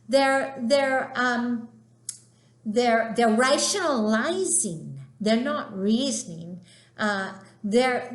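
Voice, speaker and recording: A woman's voice: mid-range voice, reverberant. A woman teaching literature in a chatty, emphatic lecture style. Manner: chatty, emphatic, acts out quoted dialogue. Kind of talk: informal lecture.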